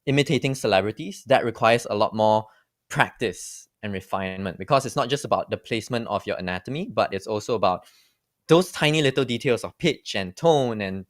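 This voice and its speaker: A man's voice: fairly low pitch, lively intonation, fairly quick, dry recording, studio quality. A man who is a beatboxing guest on a reaction show, chatting casually and peppering his sentences with fillers. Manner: loose, filler-heavy, lots of "like". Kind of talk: casual chat.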